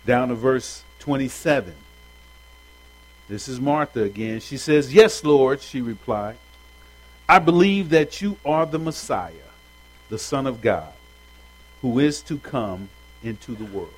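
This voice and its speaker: A man's voice: medium pitch, lively intonation, measured pace, long pauses, slightly rough, poor audio. A man leading an informal Bible study for a group, talking in a loose, conversational way with slang and asking his listeners questions directly. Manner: chats directly with the audience.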